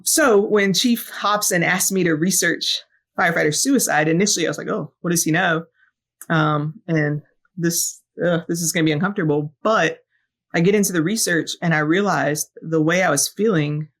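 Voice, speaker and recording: A woman guest on a podcast, a fire battalion chief, telling a personal story in an earnest, reflective way with lots of ums and uhs. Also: sits low. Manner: earnest, reflective, frequent filler sounds.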